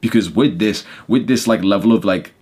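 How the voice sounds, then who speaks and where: A young man with a low voice gives a casual motivational talk on his podcast. He is blunt and swears freely, leaning on fillers, and his volume climbs when he drives a point home. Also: normal speed, husky. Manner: blunt, swearing, many fillers, gets loud. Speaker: podcast host.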